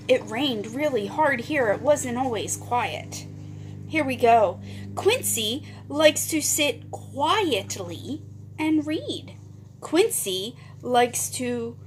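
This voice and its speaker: A woman's voice: high-pitched, big pitch swings, slow, slight background noise. A woman teacher leading a phonics lesson for young children, reading a storybook aloud in a sing-song way with whispered parts.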